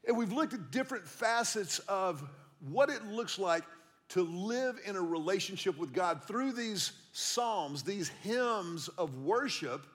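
This middle-aged pastor has a high, fairly bright voice. He preaches in a church auditorium, telling stories conversationally and repeating key lines to drive them home.

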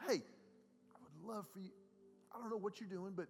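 A man preaching a sermon as a pastor. He talks in a conversational way, often repeats words, and swings between soft, quiet passages and loud, raised ones. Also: high-pitched, moderate pace, gravelly, long pauses, long reverb tail, soft background music.

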